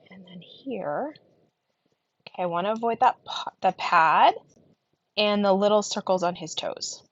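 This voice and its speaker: A woman teaching a card-colouring class in casual tutorial narration, her voice gravelly from a lingering cough, often dropping into soft murmurs as she works. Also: medium pitch, moderate pace, no room sound, dull audio. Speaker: card-making instructor.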